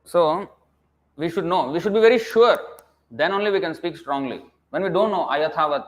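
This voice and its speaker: A man's voice: a little high, animated, a little slow, pauses often. A man giving a scripture lecture as a preacher, emphatic and scolding, firing rhetorical questions and dropping to a mutter at phrase ends.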